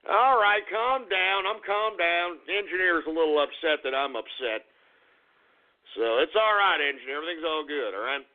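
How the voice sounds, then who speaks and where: A man's voice: a little high, lively intonation, normal speed. A man hosting a radio show, ranting in an agitated, profane, rambling way. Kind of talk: ranting call-in style talk radio. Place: Austin, Texas. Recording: tinny phone-like lo-fi radio recording.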